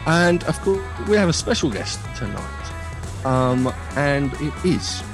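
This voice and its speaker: A man's voice: fairly high pitch, very animated, takes it slowly, vocal fry, over music. A man hosting a casual chat show, talking in a chatty, joking way with rambling asides. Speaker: podcast host.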